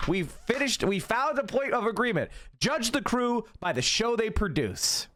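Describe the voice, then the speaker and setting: A man streaming his reaction to a video, ranting and mocking with lots of swearing, jumping from shouts to low mutters. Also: big pitch swings, normal speed, slight background noise. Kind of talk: livestream reaction commentary.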